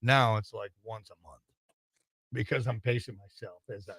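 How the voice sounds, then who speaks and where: A man's voice: fairly low pitch, steady tone, moderate pace, creaky, fairly bright tone, slightly rough, no echo. An older man hosting a radio show from the studio, running through joke-filled news bits with a wisecracking delivery. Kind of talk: morning radio comedy chat.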